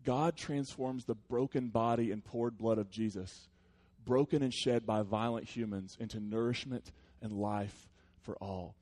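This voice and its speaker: A man who is a pastor, preaching a sermon to his congregation in a conversational, earnest way that drops into soft, reflective passages. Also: lowish voice, fairly even intonation, measured pace, few pauses.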